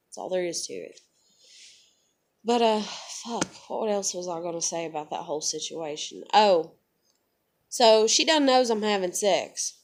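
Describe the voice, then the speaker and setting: A woman's voice: on the low side, expressive, a little slow. A young woman, telling a personal story to her vlog in a blunt, profane, emotional way. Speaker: vlogger.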